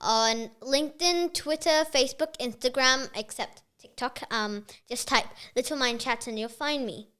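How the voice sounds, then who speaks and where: A woman's voice: high voice, moderate pace, few pauses, a bit bright, smooth. A young girl being interviewed about her podcast, talking earnestly with many fillers. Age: child. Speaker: podcast guest. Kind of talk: casual interview chat.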